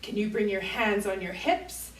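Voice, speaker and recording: A woman's voice: mid-range voice, fairly even intonation, normal speed, far from the mic, a little hiss or hum. A woman leading a children's yoga class, playful and encouraging, making animal sounds for the kids. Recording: roomy echo, voice from off mic.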